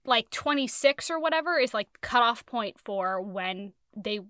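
A woman in casual chat, rambling and animated as she recaps a book, swearing freely. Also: on the high side, measured pace, clean tone, no echo, clean studio sound. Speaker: podcast co-host reviewing a book.

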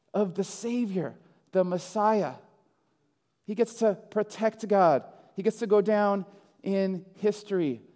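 A man's voice: high voice, darkish tone. A man preaching a sermon, acting out biblical figures in dramatic quoted voices. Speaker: pastor. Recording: long hall reverb.

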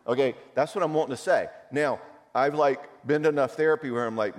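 Speaking a little fast in a mid-range voice, a middle-aged man delivers a conversational talk about marriage and anger. He's an animated storyteller who gives voice to the people he quotes in his personal stories, all heard through long hall reverb.

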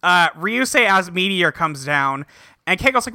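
Cast: bright, dry-voiced man, rambling podcast co-host, animated. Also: high-pitched, moderate pace, no echo. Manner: rambling, filler-heavy, acts out quotes. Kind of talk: casual episode recap chat.

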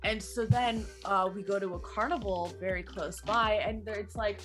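A woman co-hosting a podcast, recapping a movie in a rambling, animated way with sound effects and quick voices for the characters. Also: mid-range voice, faint music behind. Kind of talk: casual chat.

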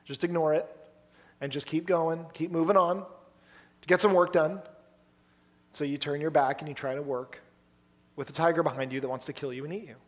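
Animated storytelling male preacher. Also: a little high, normal speed, long pauses. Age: adult, past college. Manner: storytelling, animated, acts out quoted voices. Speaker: pastor. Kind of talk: sermon.

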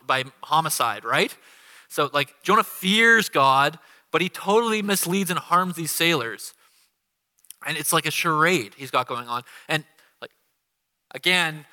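A man's voice: fairly high pitch, clean tone. A man preaching a guest sermon in a church, talking casually and animatedly, acting out the quotes he tells. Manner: animated, conversational, acts out quotes with laughter. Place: church sanctuary. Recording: long hall reverb.

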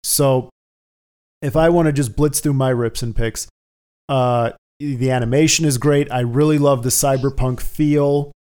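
A man hosting a casual podcast panel discussion, brisk and upbeat as he steers the talk along. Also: medium pitch, steady tone, a little mellow, clear, resonant tone. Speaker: podcast host.

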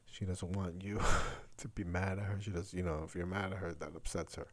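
Low-voiced rambling New man. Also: fairly even intonation, brisk. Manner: rambling, candid, frequent fillers and restarts. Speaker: podcast host. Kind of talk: casual solo monologue.

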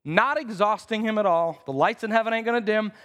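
A pastor preaching a conversational sermon in a church, acting out the quotes in voices. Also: male voice, sits high, fairly quick, fairly bright tone. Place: church sanctuary. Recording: reverberant church hall.

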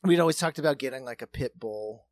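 A man's voice: medium pitch, quick pace, dry recording. A man co-hosting a comedy podcast, telling jokey stories in casual, profane banter. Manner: animated, profane, jokey storytelling. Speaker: podcast co-host.

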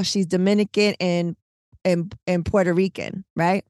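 A woman co-hosting a podcast, telling a long story in casual, animated, slangy chat, full of "like" and "right?". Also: on the low side, a little slow, no echo, clean studio sound. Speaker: podcast co-host.

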